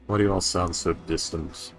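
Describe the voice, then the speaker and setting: A man chatting as a player in a tabletop game, wry and joking in a low-key way. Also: steady tone, normal speed, creaky, faint music behind. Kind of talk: casual tabletop chat.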